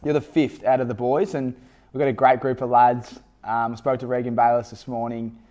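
A man's voice: mid-range voice, little pitch movement, brisk, a little mellow. Chatty Australian man hosting a podcast. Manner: chatty, matey. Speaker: podcast host, former teammate. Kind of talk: casual interview chat.

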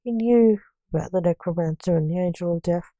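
A woman reading a story aloud with halting phrasing. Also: lowish voice, warm tone, no room sound, lo-fi sound.

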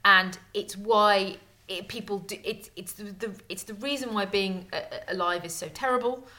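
A woman's voice: mid-range voice, normal speed, bright, forceful tone. A woman, co-hosting a casual chat with dry, wry remarks. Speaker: podcast co-host.

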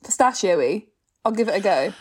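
A woman's voice: medium pitch, expressive, normal speed, darkish tone, husky. A young woman co-hosting a podcast in casual chat, playful and teasing, with dramatic exaggeration. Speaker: podcast co-host.

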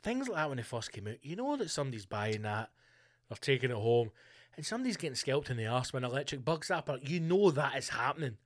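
A man's voice: medium pitch, very animated, fast talker, no room sound. Sweary man riffing dry and close. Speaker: podcast host. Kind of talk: casual comedic monologue.

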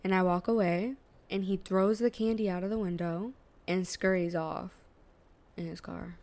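A woman hosting a podcast, telling a story in a slangy, profane, animated casual way. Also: lowish voice, normal speed. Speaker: podcast host.

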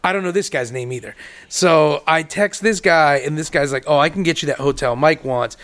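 A man's voice: on the high side, moderate pace, a bit bright. A young man on a podcast, telling a long story casually, swearing and acting out both sides of each conversation. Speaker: podcast co-host.

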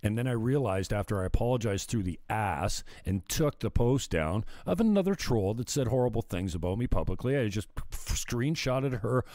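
A man with a very low voice hosts his own livestream, ranting in a loose, profane ramble. He drifts off topic and chuckles at his own jokes. The sound is dry and close, with no room echo. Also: expressive, moderate pace, few pauses, mellow. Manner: profane, sidetracked, laughs at himself. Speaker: livestream host. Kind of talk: casual rambling rant.

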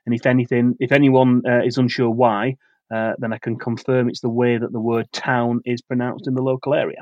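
A man co-hosting a football podcast, reading out a prepared match preview in a steady, measured way. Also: mid-range voice, no room sound, muffled recording. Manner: steady, measured delivery of facts and dates.

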